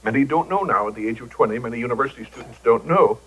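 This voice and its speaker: A man's voice: medium pitch, rapid-fire, a bit bright, slightly rough, poor audio. Wry older man telling stories on TV. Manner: wry, joking raconteur acting out quoted voices. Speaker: talk show guest. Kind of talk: anecdotal talk show storytelling. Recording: old broadcast TV audio.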